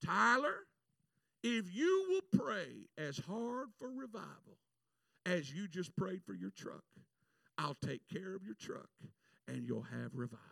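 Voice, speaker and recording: A man voicing God speaking to him during a sermon, firm and measured, heard from a distance. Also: sits high, big pitch swings, gravelly, sharp tone, no echo, exaggerated voice. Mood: commanding. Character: God speaking to the preacher, calm and commanding.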